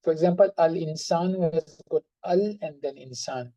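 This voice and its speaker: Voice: mid-range voice, normal speed, warm tone, no echo, muffled recording. A teacher giving an online grammar class, explaining patiently, repeating examples and stressing words through tone of voice.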